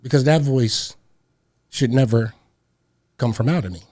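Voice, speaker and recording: A man hosting a radio talk show, telling a story in an animated, slangy, emphatic way and repeating words as he gets heated. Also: medium pitch, unhurried.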